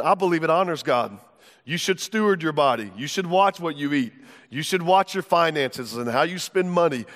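A man's voice: on the high side, fairly bright tone. A male pastor preaching a fervent, conversational sermon, asking the crowd direct questions. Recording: long hall reverb.

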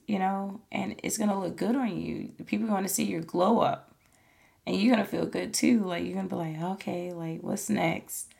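A woman's voice: lowish voice, vocal fry, a little mellow, breathy edge. A woman hosting a podcast, talking in a casual, earnest and encouraging way, full of "like" and "you know". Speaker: podcast host. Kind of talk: casual motivational monologue.

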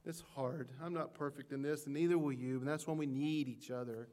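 A middle-aged male pastor giving a sermon, moving from soft, hushed passages to loud, impassioned climaxes. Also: mid-range voice, fairly even intonation, a little fast.

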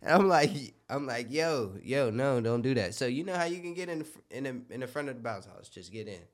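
A man's voice: medium pitch, fast talker. A young man in casual podcast chat, telling rambling stories and often asking "you get what I'm saying?".

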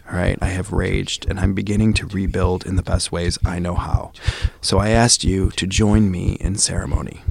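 A man's voice: low-pitched, creaky. A man hosting a podcast, giving an intense, rhythmic spoken-word monologue that sometimes drops into a whisper. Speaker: podcast host.

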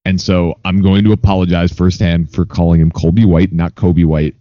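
A very deep, mellow-voiced man co-hosting a loose sports chat. He rambles, swears freely and pokes fun at himself. The audio is dry and a little dull, like a home podcast setup. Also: flat delivery, brisk, no echo. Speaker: podcast co-host.

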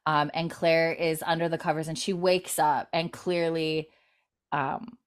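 A woman's voice: deep voice, measured pace, smooth. A woman co-hosting a casual chat, animatedly retelling a TV scene with many fillers. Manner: animated storytelling, many "like" fillers, laughs often. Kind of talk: casual chat, recapping a TV episode.

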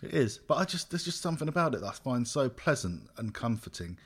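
A man's voice: mid-range voice, very animated, quick pace, slightly rough. A man co-hosting a casual podcast chat, easygoing and enthusiastic. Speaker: podcast co-host.

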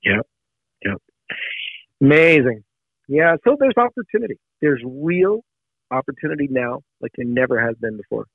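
A man's voice: medium pitch, sing-song, moderate pace, long pauses, no echo. Earnest man on a tinny phone line. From Canada. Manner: earnest, with frequent restarts and fillers. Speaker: guest, founder of a news site. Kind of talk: casual interview chat.

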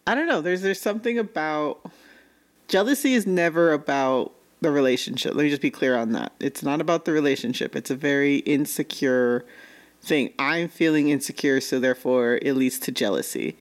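A woman's voice: low voice, moderate pace. A woman in casual conversation recapping an anime, chatty and laughing often as she acts out characters' lines. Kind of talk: casual chat reviewing an anime.

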